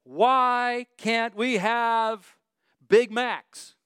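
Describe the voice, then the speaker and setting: Rich: A high, whining voice of hungry Israelites griping about their food, as a preacher puts them on. It sounds smooth and resonant, with a dry, close sound. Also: male voice, fairly even intonation, pushed and bright, no room sound, heavily acted. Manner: whiny, complaining, drawn-out.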